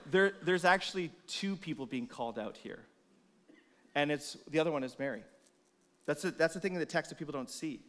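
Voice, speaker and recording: A man preaching a sermon in a church, expressive, moving between loud emphasis and soft, hushed lines. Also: fairly high pitch. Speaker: pastor.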